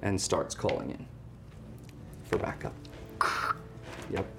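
A man running a tabletop game as game master, narrating with lively storytelling. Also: takes it slowly, over music.

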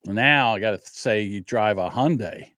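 A man hosting a podcast, chatting casually and acting out the people in his stories with loud quoted lines. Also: lowish voice, normal speed, dry recording, studio quality. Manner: animated storyteller, acts out quotes loudly. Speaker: podcast host. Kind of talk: casual chat.

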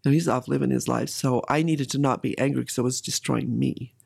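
A woman's voice: very deep voice, steady tone, fairly quick, vocal fry, a little mellow, breathy edge. A middle-aged woman candidly telling a personal story in an interview, with emotion and occasional laughter.

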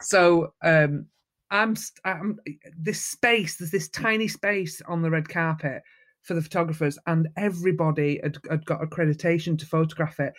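A woman with a Mancunian accent, a photographer telling lively stories as a guest in a casual interview. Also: deep voice, normal speed. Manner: lively, animated storyteller. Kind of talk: storytelling in casual chat.

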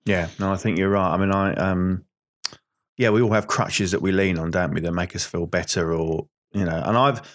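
Deep, low man, earnest and open, teasing; podcast co-host. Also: steady tone, moderate pace. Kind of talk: casual chat.

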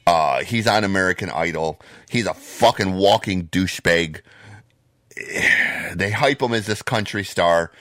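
A man's voice: sits low, a bit bright, no echo. A man co-hosting a podcast in casual chat, ranting with heavy swearing as he gets worked up. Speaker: podcast co-host.

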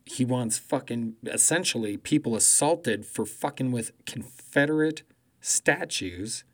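A man doing a profane comedic political rant, swearing constantly, mocking loudly and laughing at his own jokes. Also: medium pitch, lively intonation, unhurried.

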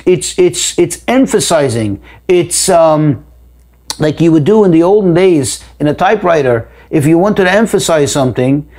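A man's voice: fairly high pitch, a little mellow. A man teaching a text study lesson, reading each phrase aloud and then explaining it, with repeated words and emphatic rises. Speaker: Torah teacher.

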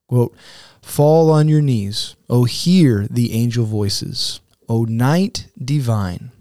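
A man serving as camp director, giving a devotional talk as an earnest story with dramatic pauses and weighty readings of scripture. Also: medium pitch, darkish tone, no echo, clean studio sound. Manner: reads quotes and scripture with weight.

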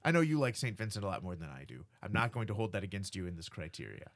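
A man hosting a podcast in casual chat, animated and teasing, laughing often. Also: fairly low pitch, fast talker. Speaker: podcast host.

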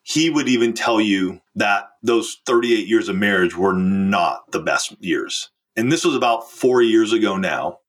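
A man's voice: fairly low pitch, unhurried, few pauses. A man, a relationship coach, telling a client's story as a podcast guest, earnest and emphatic. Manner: earnest, emphatic, acts out quoted speech. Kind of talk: conversational storytelling.

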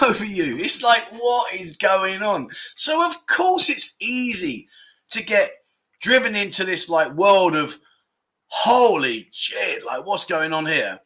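Bright-voiced man rambling on a livestream. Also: high voice, expressive, slow pace. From England. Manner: rambling, self-deprecating banter, reading out viewer comments. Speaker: livestream host. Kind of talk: casual livestream chat.

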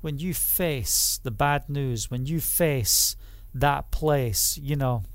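A man preaching a sermon, emphatic and repetitive, who builds up to loud exclamations. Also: medium pitch, slow pace, no echo.

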